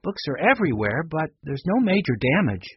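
A man reading a storybook, voicing a calm teenage boy who leads and reassures the others. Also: on the high side, normal speed, breathy edge, no echo, dull audio, voice pushed up, exaggerated voice.

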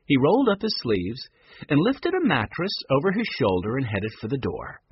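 A man narrating a children's book aloud with expressive storytelling. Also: medium pitch, moderate pace, breathy edge, dry recording, highs cut off. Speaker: audiobook narrator. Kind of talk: children's audiobook reading.

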